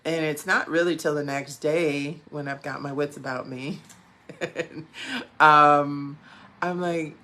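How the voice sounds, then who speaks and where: A woman's voice: sits low, a little slow. Chatty woman telling a faith story. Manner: animated, acts out the dialogue, laughs between lines, many fillers. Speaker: speaker sharing a personal testimony. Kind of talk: casual storytelling. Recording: faint background noise.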